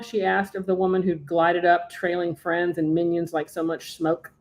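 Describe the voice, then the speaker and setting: A woman author reading aloud from her own novel at home as a podcast guest, after a relaxed, chatty setup. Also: fairly low pitch, moderate pace.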